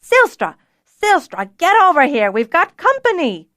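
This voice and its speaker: A woman's voice: on the high side, big pitch swings, normal speed, no echo, clean studio sound. A woman voicing a brusque, busy female kitchen cook who scolds sharply and gets flustered. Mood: flustered bellowing.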